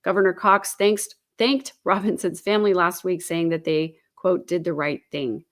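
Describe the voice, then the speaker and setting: Woman, lowish voice, chatty commentary host, reads news aloud, frequent fillers.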